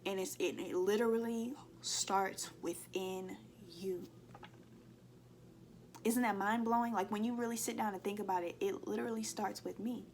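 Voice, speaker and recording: A woman's voice: mid-range voice, moderate pace, a little hiss or hum. A woman giving a spiritual card reading to her viewers. She talks earnestly and emotionally, and keeps checking in with "okay?". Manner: emotional, expressive, acts out inner voices. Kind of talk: collective tarot-style reading to viewers. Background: soft background music.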